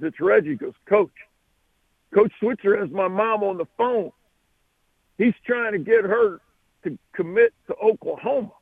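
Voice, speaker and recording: A man, a football coach, telling an animated recruiting story as a radio guest. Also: high voice, gravelly, husky, no echo, narrow, tinny audio. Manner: animated, acts out the voices.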